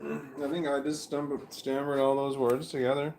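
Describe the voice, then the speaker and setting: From a home room with a fan running, a middle-aged man livestreams in a medium-pitched, a little mellow voice with little pitch movement and a moderate pace. The sound is roomy with slight background noise as he rambles, self-corrects, chuckles to himself, and coughs again and again.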